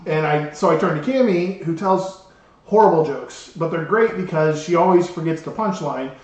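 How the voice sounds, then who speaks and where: A man co-hosting a podcast, telling an embarrassing story in an animated way and laughing through it. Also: fairly high pitch, normal speed. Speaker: podcast co-host. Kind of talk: casual storytelling chat. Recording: roomy, distant mic with background noise.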